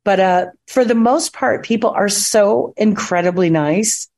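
Over a phone line, an actress chats casually as an interview guest, telling stories and acting out the quotes within them. Her voice is medium-pitched and darkish, delivered at a measured pace.

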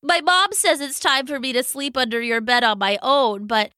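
A woman's voice: sits high, moderate pace, pushed and bright, dry recording, studio quality. A woman voicing a timid sniffling bed monster. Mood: timid, tearful. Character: shy tearful round fluffy young monster.

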